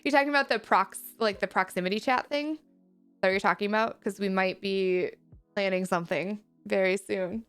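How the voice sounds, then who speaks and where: A woman streaming live, chatting with her viewers, reading their messages aloud and reassuring them gently and warmly. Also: medium pitch, fairly quick, clean tone, faint music behind. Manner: gentle, reassuring and affectionate toward chat.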